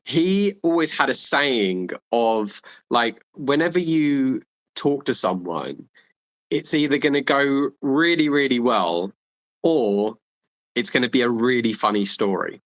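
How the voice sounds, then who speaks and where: A man speaking as a coaching guest in a casual podcast conversation, rambling and animated with many restarts. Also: medium pitch, measured pace, poor audio. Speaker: dating and charisma coach guest.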